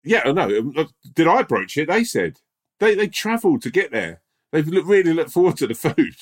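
A man co-hosting a podcast, telling stories in an animated, emphatic, sweary way in casual chat. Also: a little high, fairly quick. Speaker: podcast co-host.

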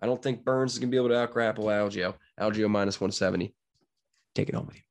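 A man's voice: fairly low pitch, steady tone, fast talker. A young man, brash and jokey, giving casual betting picks as a podcast producer. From Pennsylvania, USA. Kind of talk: casual monologue.

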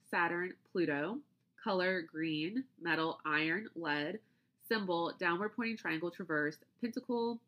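This podcast host speaks at a fairly low pitch, her voice pushed and bright. In casual chat she reads out lengthy lists piece by piece, then explains loosely, often restarting.

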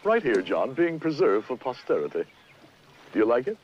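A man's voice: mid-range voice, sing-song, moderate pace, slight background noise, lightly acted. An actor playing a witty, unflappable older statesman in a musical film clip, with dry, teasing humor. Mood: amused. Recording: dull film clip with faint ambience.

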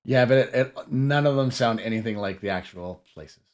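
A man's voice: medium pitch, moderate pace. A man co-hosts a casual podcast chat, wry and easily exasperated as he complains. His voice sits in an ordinary middle range. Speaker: podcast co-host.

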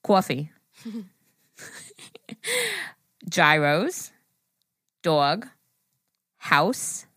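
A woman's voice: low voice, lively intonation, extremely slow, long pauses, pushed and bright, no room sound, studio quality. A woman co-hosting a podcast, chatting casually, laughing often and swearing freely. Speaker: podcast co-host. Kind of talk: casual chat.

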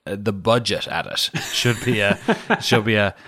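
Irish guy on a podcast, low voice, rambly and jokey, lots of uhs. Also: normal speed, sharp tone, a little hiss or hum. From Ireland. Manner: rambling, self-deprecating, lots of fillers. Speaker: podcast co-host. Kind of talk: casual chat.

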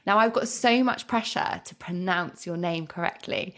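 A woman hosts a podcast in the voice of a midwife. Her voice sits at a middle pitch. She reads her scripted opening and then chats warmly with her guest, joking at her own expense. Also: measured pace, hardly any pauses. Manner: warm, chatty, self-deprecating laughs. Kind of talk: friendly scripted intro and interview chat.

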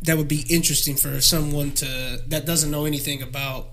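A man's voice: a little high, level tone, brisk, fairly bright tone. A man A podcast host with a slightly raised voice who jokes and laughs readily in casual chat. Faint background noise hangs behind him. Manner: jokey, laughs easily.

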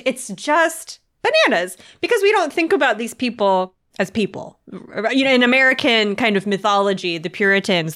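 A woman's voice: a little high, fairly bright tone. Woman, podcast co-host, casual book chat, chatty, laughs often.

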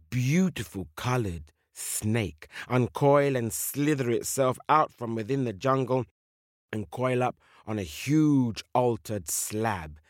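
Expressive male storyteller, lively voice. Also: medium pitch, dry recording, studio quality. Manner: expressive, slow dramatic repetitions. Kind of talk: children's story narration.

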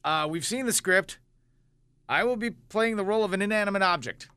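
A man hosting a radio show, running a live improv game with upbeat, quick announcer patter. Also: high voice, expressive, bright, forceful tone, a little hiss or hum. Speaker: radio host.

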